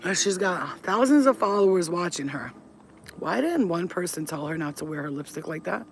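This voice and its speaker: A woman with a deep voice, a spiritual reader, ranting bluntly and with plenty of swearing in a casual vlog. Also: sing-song, a little fast, slightly rough. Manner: blunt, profane, emphatic. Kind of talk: casual to-camera vlog rant. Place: at home, smoking on camera.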